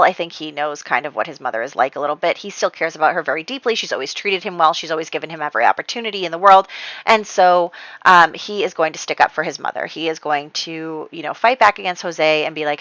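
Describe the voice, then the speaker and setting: A woman's voice: sits low, a bit bright, no room sound, lo-fi sound. A young woman chattily recapping her life-sim gameplay story, rambling with fillers and restarts. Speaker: let's play host. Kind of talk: casual gameplay recap narration.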